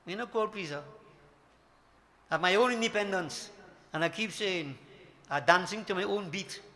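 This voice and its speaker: Speaking at normal speed in a high, bright voice with a forceful tone, this older Hindu spiritual teacher delivers an emphatic devotional sermon. He fills it with rhetorical questions aimed at his devotees.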